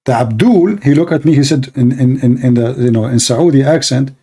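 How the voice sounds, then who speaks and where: A man's voice: medium pitch, a little fast, hardly any pauses, mellow, breathy edge. A middle-aged man hosting an apologetics show, delivering scornful, sarcastic commentary full of rhetorical questions. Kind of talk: mocking religious commentary.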